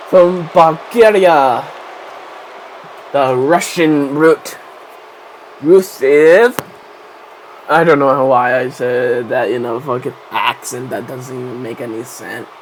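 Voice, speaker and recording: A man's voice: mid-range voice, slight background noise, rough recording. A man giving rambling, casual gaming commentary, swearing constantly. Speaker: gameplay commentator.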